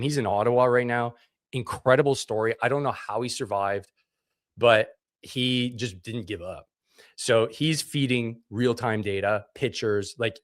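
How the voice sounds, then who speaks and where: A man's voice: medium pitch, no echo. Canadian vet guy telling it straight, swears a lot, acts out the texts, mid voice, dead dry sound. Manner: blunt and profane, acts out dialogue. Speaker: interview guest, military veteran. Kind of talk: casual interview storytelling.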